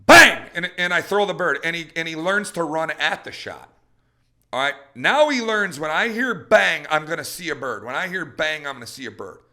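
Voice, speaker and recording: A middle-aged man, a dog trainer hosting a podcast, ranting with fired-up energy and acting out dogs and people in quick voices. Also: on the high side, animated, bright, forceful tone.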